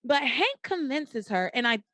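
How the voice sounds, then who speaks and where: A young woman hosting a podcast, casually retelling soap opera scenes and acting out the characters' lines in a high, dramatic voice. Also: unhurried, no room sound. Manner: animated storytelling, acts out quotes in a high dramatic voice. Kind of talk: casual chat.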